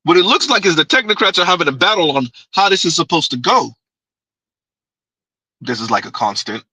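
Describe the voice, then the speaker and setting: A man's voice: a little high, lively intonation, fairly quick, bright, forceful tone, breathy edge, no echo, rough recording. A man hosting a commentary show, reacting to clips with sardonic, teasing asides.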